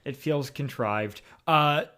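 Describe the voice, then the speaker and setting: A man co-hosting a podcast, chatting casually about an audio drama in an animated, rambling way full of restarts. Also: medium pitch, slow. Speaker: podcast co-host.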